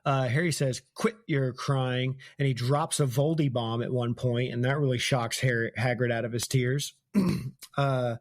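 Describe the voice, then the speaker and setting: A man's voice: medium pitch, steady tone, moderate pace, no echo, clean studio sound. A man hosting a casual book-discussion podcast, chatty and laughing often as he retells scenes. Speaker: podcast host.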